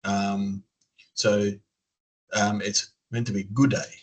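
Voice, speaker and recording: Australian man, lowish voice, rambling. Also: level tone, slow, poor audio. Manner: rambling, many fillers and restarts. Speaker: interviewee. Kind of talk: casual interview chat. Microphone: video call.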